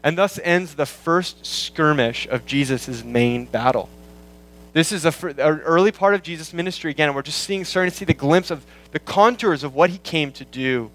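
Guy preaching a verse-by-verse sermon, slightly high voice, restarts and repeats stuff, slows way down on scripture quotes. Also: a bit bright, rough recording. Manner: explains Greek phrasing, restarts and repeats lines for emphasis; quotes scripture in slowed, weighty tones. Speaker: pastor. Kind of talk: expository sermon.

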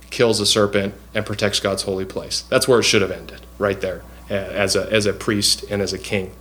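In this bible teaching sermon, a man with a somewhat low, fairly bright voice earnestly explains scripture. He fills his lesson with frequent fillers and often restarts his sentences.

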